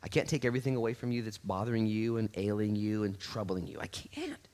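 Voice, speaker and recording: A man pastor giving a casual, animated sermon in church, laughing and acting out little asides. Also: lowish voice, fast.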